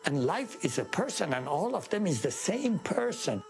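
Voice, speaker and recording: A man from Iran, giving an earnest, deliberate personal testimony in an interview. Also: a little high, big pitch swings, a little hiss or hum.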